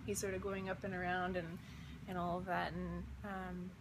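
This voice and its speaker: A woman's voice: fairly low pitch, level tone, normal speed, background noise. A young woman who has just woken up, telling a dream in a rambling, casual way full of fillers. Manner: rambling, filler-heavy, wondering. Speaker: vlogger and visionary artist.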